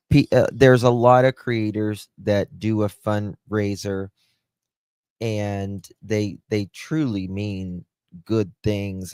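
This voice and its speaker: A man's voice: lowish voice, a little mellow, smooth, dry recording. A man hosting a casual livestream, chatting with viewers and greeting them by name, often trailing off and restarting his sentences. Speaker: livestream host.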